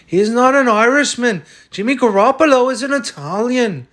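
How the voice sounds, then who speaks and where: In a comic sketch set over a fantasy lineup, a man plays a stubborn, boastful guy who insists he's Irish, speaking bluntly and swearing freely. His high voice leaps around energetically, loud and keyed-up, at a moderate pace.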